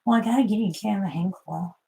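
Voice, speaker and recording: A woman's voice: medium pitch, fast, warm tone, husky, low-quality recording. A woman vlogger in casual, rambling chat who swears freely and coos at her pets in baby talk.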